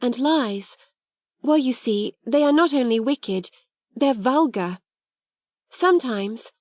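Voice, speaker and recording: A woman's voice: fairly high pitch, animated, slow, no room sound, studio quality, pitched above the performer's own voice. A woman voicing an eager, principled young girl. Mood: earnest. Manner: eager, bright girlish delivery. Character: earnest imaginative young girl, proud and principled.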